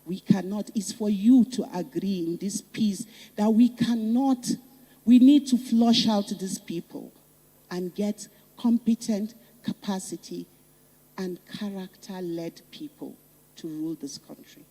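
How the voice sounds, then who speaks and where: A woman's voice: mid-range voice, measured pace, dark tone. A woman with a Nigerian accent giving a fervent public speech, repeating phrases for emphasis. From northern Nigeria. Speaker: summit speaker. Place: conference hall. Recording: reverberant conference hall.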